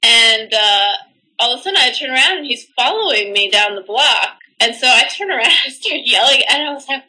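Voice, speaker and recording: A woman's voice: a little high, lively intonation, brisk, bright, forceful tone, poor audio. A young woman in casual chat, telling blunt stories and laughing often.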